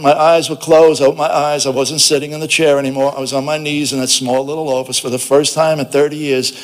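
Plainspoken man telling his own testimony. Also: on the high side. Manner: plainspoken and blunt, with a streetwise edge. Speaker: speaker giving a personal testimony. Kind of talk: first-person storytelling testimony.

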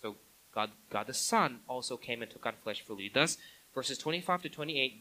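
A man's voice: medium pitch, expressive, moderate pace, sharp tone, low-quality recording. A man preaching a sermon as pastor, building his points to emphatic climaxes.

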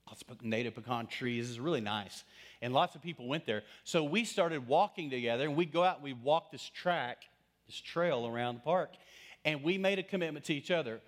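A middle-aged man preaching a sermon as pastor, telling stories with dramatic swings between loud passages and hushed asides. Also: mid-range voice, expressive, a little fast. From Texas.

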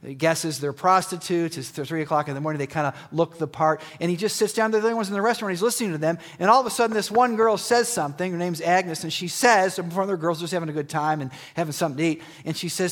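A man preaching a sermon in church, retelling a story in an animated way that swings between loud and hushed. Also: fairly high pitch, fast.

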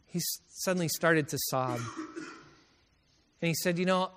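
A man preaching in a college chapel, with his voice sitting a little high for a man. The long chapel reverb trails behind every phrase. He is middle-aged and tells his stories with feeling and frequent laughter. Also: normal speed, noisy background. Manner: storytelling, emotional, laughs often. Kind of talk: sermon.

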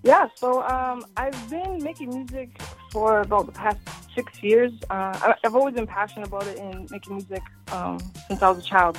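A woman from Boston who is an R&B singer and songwriter, answering radio interview questions in a friendly way with frequent ums. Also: medium pitch. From Boston, Massachusetts.

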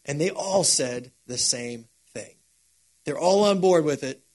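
Animated, casual man preaching a sermon. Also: on the high side, measured pace. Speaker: pastor.

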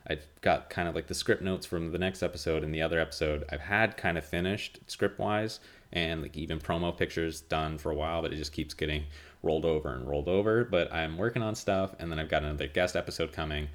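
A man hosting his own podcast, talking casually in a nasal monotone and rambling with lots of fillers and restarts. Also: a bass voice, brisk. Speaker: podcast host. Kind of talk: casual solo podcast chat.

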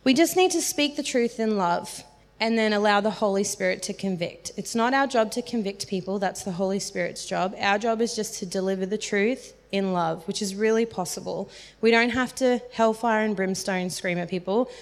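A woman's voice: medium pitch, normal speed. A woman giving a casual, earnest sermon about sharing faith, talking chattily with lots of "like" fillers. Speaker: speaker teaching on evangelism. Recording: reverberant hall.

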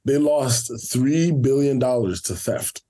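Husky-voiced co-host, lively pitch. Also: slow. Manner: short backchannels, laughs along. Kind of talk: casual podcast chat.

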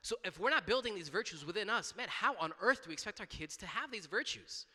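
A man's voice: high-pitched, lively intonation, fast, bright, forceful tone, in a large hall. A man preaching a sermon in a church, talking conversationally with frequent restarts, repeated words and asides of "right?".

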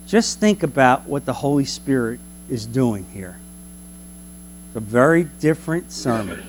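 A man teaching a Bible class in an animated preaching manner, full of rhetorical questions. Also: medium pitch, a little slow, slight background noise.

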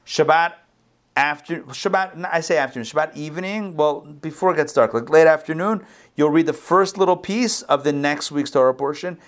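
Over a video call, a man teaches a Torah class in a casual, conversational way, correcting himself and checking in with his listeners. His voice is on the high side, and he talks at normal speed.

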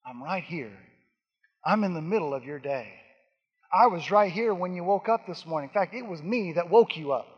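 A man's voice: high voice, animated, moderate pace, slightly rough, muffled recording. A man preaching who voices God speaking tenderly and eagerly to a listener, in a room with long reverb. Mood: reassuring. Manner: tender, pleading and reassuring.

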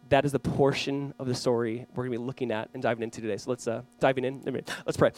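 A young adult male pastor preaching a sermon in a relaxed, conversational way, telling stories with lively asides and reading scripture aloud. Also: medium pitch. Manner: conversational, animated storytelling with quick asides.

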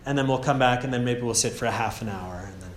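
A man with an American accent giving a gentle, casual meditation teaching at a retreat, often checking in with "yeah?". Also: medium pitch, quick pace, background noise. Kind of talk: relaxed meditation talk. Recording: echoey room, faint ambience.

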